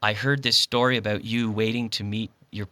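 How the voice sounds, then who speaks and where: Bright-voiced Canadian interviewer. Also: male voice, lowish voice, flat delivery, brisk, dry recording. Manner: friendly, chatty questions with frequent agreement. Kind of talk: casual interview chat.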